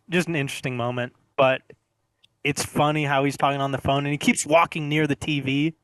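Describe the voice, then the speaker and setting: A man's voice: medium pitch, a bit bright, no echo. A man co-hosting a casual film review, retelling scenes and laughing often as he talks.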